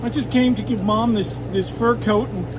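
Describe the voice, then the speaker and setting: A young woman pleads with her father in a lifted, lighter voice, as a man puts her on. Steady noise runs under the recording. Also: high voice, moderate pace, pitched above the performer's own voice, lightly acted. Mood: pleading. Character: young grown daughter, pleading and showy.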